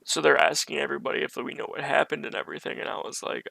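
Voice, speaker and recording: A man's voice: on the high side, fairly even intonation, rapid-fire, gravelly, pushed and bright, no echo. A man streaming from his bedroom, telling a personal story in a rambling, conversational way with many restarts. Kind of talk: casual storytelling on a live stream.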